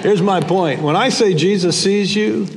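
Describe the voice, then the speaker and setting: An older male pastor preaches in a church sanctuary with a fairly high voice. He talks conversationally and repeats key phrases for emphasis. His words trail off into a long reverb. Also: unhurried, vocal fry, slight background noise. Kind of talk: sermon.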